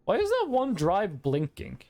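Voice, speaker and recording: A man's voice: high-pitched, wildly swooping pitch, unhurried, darkish tone. A man from Norway, chatting casually with his stream chat in a playful, rambling, teasing way.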